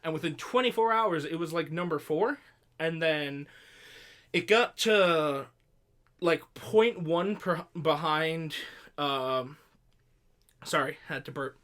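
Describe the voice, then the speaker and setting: A man's voice: fairly high pitch, slow, long pauses, fairly bright tone. A young man co-hosting a casual podcast, rambling and sarcastic with frequent swearing. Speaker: podcast co-host. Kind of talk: casual chat.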